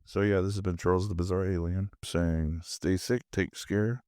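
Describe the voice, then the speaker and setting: Drowsy low-voiced man rambling. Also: steady tone, moderate pace, darkish tone, clear, resonant tone, dry recording, studio quality. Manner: rambling, laid-back, meandering. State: drowsy, half asleep. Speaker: podcast host. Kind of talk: casual rambling monologue. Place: home movie room.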